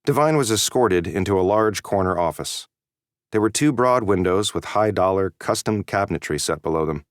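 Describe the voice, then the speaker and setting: A man giving a steady, measured scripted narration of an audiobook. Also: sits low, no echo, clean studio sound.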